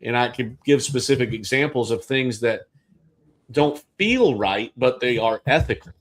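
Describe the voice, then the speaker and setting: A man's voice: medium pitch, animated, normal speed. Man hosting a real estate chat. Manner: conversational, thinks aloud with restarts. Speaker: real estate agent and livestream host. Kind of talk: casual livestream discussion.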